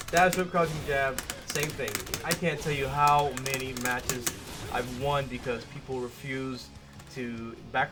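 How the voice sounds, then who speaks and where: A man giving a casual gameplay tutorial as a fighting game coach, talking conversationally and correcting himself as he demonstrates. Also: fairly high pitch.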